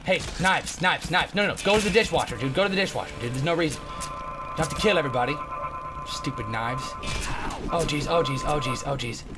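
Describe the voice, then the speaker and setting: A man from Mississippi commentating on his gameplay, excitable, yelling and muttering at the game. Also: a little high, a little fast, music in the background. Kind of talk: let's play commentary.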